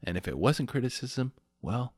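A man's voice: medium pitch, big pitch swings, moderate pace, slightly rough, no echo, clean studio sound. A man co-hosting a podcast, making sardonic jokes in casual chat. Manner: sardonic, joking asides. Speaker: podcast co-host.

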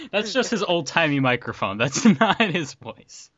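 A man hosting a podcast in casual chat, excitable and quick to laugh. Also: fairly high pitch, muffled recording. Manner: excitable, laughing, exclaims often. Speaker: podcast host.

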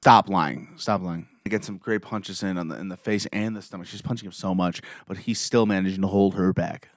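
Guy doing an excited play-by-play recap, kinda low voice, dry sound. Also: fast talker, dry recording. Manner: excited, gushing fan commentary. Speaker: show recap vlogger.

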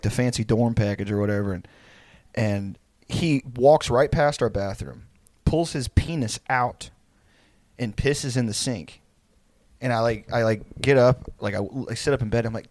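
A man's voice: medium pitch, normal speed, darkish tone, no echo, studio quality. A man in his late twenties telling a rambling, profane story in casual chat and laughing through it. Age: 20s.

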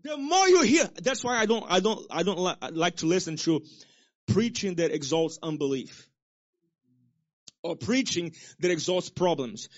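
A male pastor preaching a sermon with call-and-response to the congregation, swinging between loud exhortation and soft low asides. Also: lively intonation, brisk. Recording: dull lo-fi sermon recording.

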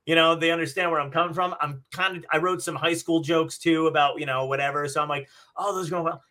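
A man's voice: a little high, fairly even intonation, quick pace, bright, forceful tone. A man hosting a podcast, telling a story in casual chat, swearing and acting out the people in it. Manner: swearing, storytelling, acts out quotes. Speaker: podcast host. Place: home.

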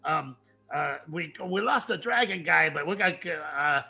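A man voicing a giant, excitable male dire wolf who rambles and repeats himself in a tabletop game. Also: a little high, measured pace, vocal fry, husky, full character voice. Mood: excited.

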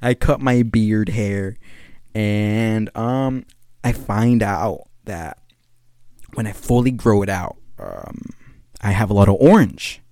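Young male podcast host, lowish voice, loose slangy ramble, a bit tired, dry close sound. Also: mellow, no room sound. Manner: slang-heavy, rambling, laughs often. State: a little tired. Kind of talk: casual solo monologue.

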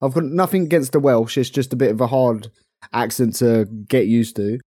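Here's a young man from London chatting casually on a podcast he co-hosts, his voice at a middling pitch and his pace moderate. Playful and chatty, he keeps laughing, and the sound is dry and close-miked with no echo.

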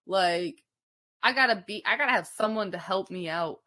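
A woman co-hosting a podcast in loose, casual chat, her vowels carrying a Minnesota twang. Her voice is bright and forceful, and she builds into emphatic, swearing rants. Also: mid-range voice, moderate pace. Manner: emphatic and profane, with rising outbursts. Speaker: podcast co-host.

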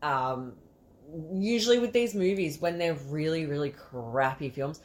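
A woman's voice: low voice, lively intonation, unhurried, a little mellow. A woman co-hosting a casual movie podcast, swearing freely and laughing often. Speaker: podcast co-host. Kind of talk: casual movie review chat.

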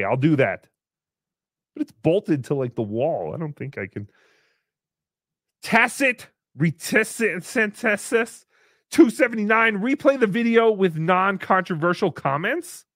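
A man hosting a casual livestream, reading paid chat messages aloud in a mocking tone, swinging between shouts and mutters. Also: a little high, dry recording, clean studio sound.

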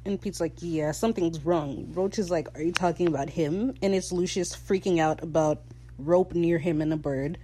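A woman hosting a casual recap, excitable and gushing, swearing freely and switching into quick quoted voices. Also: lowish voice, slight background noise, rough recording. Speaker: podcast host recapping a TV episode.

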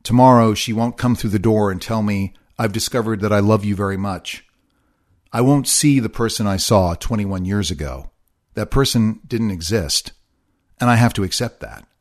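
Middle-aged man, solo podcast host, low-ish voice, earnest and confessional, repeats himself. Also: moderate pace. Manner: earnest, confessional, repetitive phrasing.

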